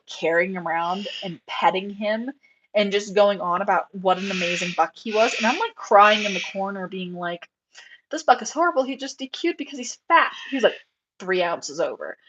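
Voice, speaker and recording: A young woman chats casually on a live show. She rambles in an animated way, full of fillers and little acted-out quotes. Her voice sits at a middle pitch. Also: dull audio, background noise. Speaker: rabbit breeder on a live show. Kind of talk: casual chat.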